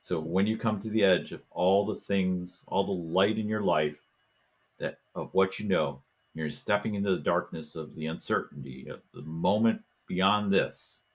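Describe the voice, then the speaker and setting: A man hosting a talk show, telling a story in a casual, animated way and acting out voices and chants as he goes. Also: low-pitched, normal speed, slightly rough. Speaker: podcast host.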